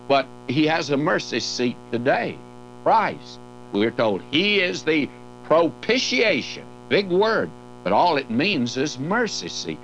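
A man's voice: medium pitch, a bit bright, muffled recording, slight background noise. An older man teaching through a Bible book in a folksy, emphatic way, his voice lifting on key words.

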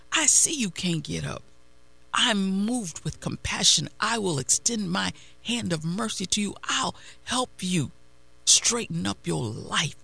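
A woman preaching a devotional sermon and reading scripture, slow and deliberate, repeating phrases for emphasis. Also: medium pitch, vocal fry, fairly bright tone.

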